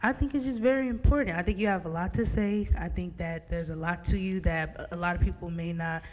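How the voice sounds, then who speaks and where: A young woman hosting a podcast, chatting warmly with her mother and laughing often. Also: on the low side, fairly quick. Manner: warm, laughs often, talks to listeners as "y'all". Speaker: podcast host. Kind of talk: casual chat. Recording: roomy reverb.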